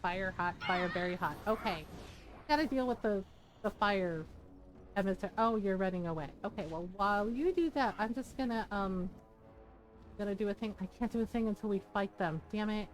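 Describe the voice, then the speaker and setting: A woman's voice: mid-range voice, brisk, faint music behind, rough recording. A woman streamer chatting casually while she plays, rambling and giggling, with lots of "like" and "right?". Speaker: game streamer. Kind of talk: casual gameplay commentary.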